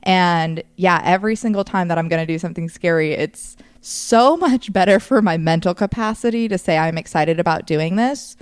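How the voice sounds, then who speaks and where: A woman podcast host with a smooth, fairly low voice, talking in a relaxed, easygoing way. The sound is dry and close, with no echo from the room. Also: moderate pace, few pauses. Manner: relaxed, lots of fillers like "like". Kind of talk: casual podcast conversation.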